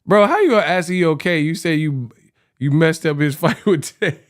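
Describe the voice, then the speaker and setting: A man's voice: a little high, animated, moderate pace. A young man giving casual boxing commentary, slangy and laughing often, calling listeners bro and y'all. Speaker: boxing vlogger.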